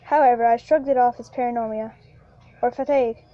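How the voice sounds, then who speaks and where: High-voiced woman reading a horror story. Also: fairly even intonation. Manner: halting, with frequent restarts and repeated lines. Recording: lo-fi with faint background music.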